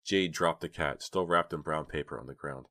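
A man narrating a novel in a steady, even storytelling manner. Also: a bass voice, normal speed. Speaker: audiobook narrator. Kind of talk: scripted narration.

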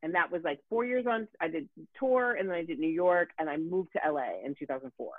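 A woman's voice: lowish voice, fairly quick, no echo. A woman in her forties, a voice actor, telling stories in a casual podcast chat and acting out the voices of people she quotes. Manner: animated storyteller, acts out quoted voices. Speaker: voice actor guest. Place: home in Los Angeles. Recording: tinny phone-like line, dry.

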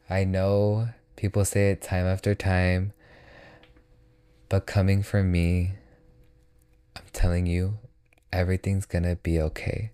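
A young man hosts his own motivational podcast in an earnest, reassuring tone. His voice sits very low and mellow. He speaks unhurriedly and repeats phrases to comfort the listener. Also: flat delivery, takes it slowly, long pauses, smooth. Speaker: podcast host.

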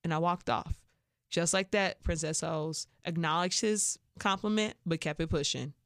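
Animated young Chicago woman telling stories. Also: fairly low pitch, normal speed, no room sound, studio quality. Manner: animated, acts out quoted voices with laughs. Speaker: podcast host. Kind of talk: casual storytelling monologue.

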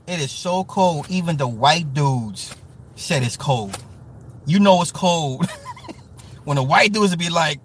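A man from the US Midwest hosting a casual livestream, talking to chat with profane, joking, animated rants. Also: sits high, takes it slowly, husky. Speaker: livestream host reading chat.

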